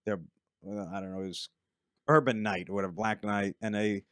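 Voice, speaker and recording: A man who is a comedian guest on a podcast, telling stand-up stories in a relaxed way and laughing along. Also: on the low side, brisk, smooth, dry recording, clean studio sound. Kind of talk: casual storytelling chat.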